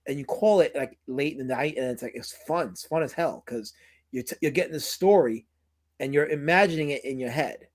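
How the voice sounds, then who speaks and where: A man from New York hosting a casual chat show, rambling and animated, repeating his words. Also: a little high, brisk. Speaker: podcast host.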